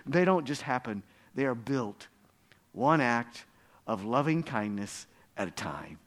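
A male pastor preaching a sermon, earnest and storytelling, swinging between hushed low passages and loud, emphatic climaxes. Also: lively intonation, measured pace.

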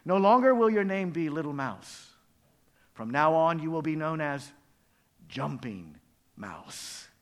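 A man's voice: medium pitch, big pitch swings, drawn-out words, pauses often, slightly rough, pitched below the performer's own voice, full character voice. A man voicing a wise, mysterious old male frog in a storybook tale told during a sermon. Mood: solemn. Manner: mysterious, solemn.

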